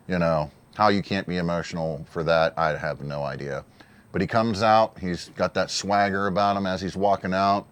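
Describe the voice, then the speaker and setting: A man giving casual, earnest solo commentary on a wrestling show, emotional and given to repeating himself. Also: low voice.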